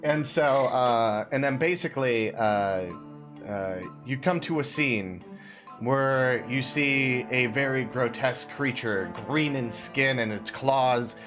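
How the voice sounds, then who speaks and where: A man from the Midwest, the game master, wrapping up a session in a relaxed, hesitant way. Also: mid-range voice, takes it slowly, music in the background. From Midwest United States. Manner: hesitant, lots of uhs, relaxed. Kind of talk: casual tabletop game narration.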